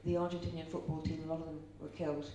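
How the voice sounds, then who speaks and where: A middle-aged woman from Ireland speaks in a slightly low voice at a live seminar, telling stories and asking the audience questions. She sounds distant from the mic in a very echoey room, with a faint hum underneath. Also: level tone, racing, warm tone. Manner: chatty storyteller, asks the audience questions.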